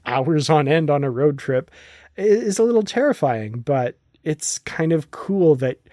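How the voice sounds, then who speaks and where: A man's voice: on the high side, big pitch swings, measured pace, warm tone, no room sound, clean studio sound. A man hosting a podcast in casual chat, often laughing and restarting his sentences. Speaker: podcast host.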